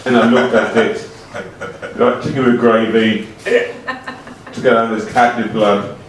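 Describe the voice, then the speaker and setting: A man delivering an absurd comic monologue in a slow, rambling, deadpan way with broken grammar, heard from a distance in an echoey room. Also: fairly low pitch, slight background noise. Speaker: comedian.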